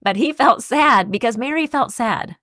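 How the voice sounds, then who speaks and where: A woman's voice: on the high side, expressive, normal speed, a bit bright, no echo, studio quality. A woman co-hosting a Christian podcast, speaking earnestly and reflectively while citing scripture. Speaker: podcast co-host.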